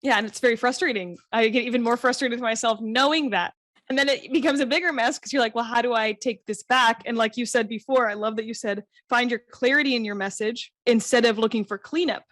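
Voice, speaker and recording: A woman's voice: on the high side, fast, fairly bright tone, no echo. A woman co-hosting a podcast in casual chat, candid and self-deprecating, often laughing at herself. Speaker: podcast co-host.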